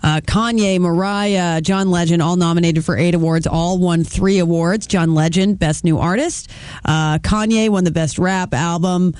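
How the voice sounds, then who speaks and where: A man's voice: high-pitched, fairly even intonation, normal speed, a little mellow, smooth, dry recording. A man reading entertainment news on a radio show in a casual, chatty way, with fillers. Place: radio studio.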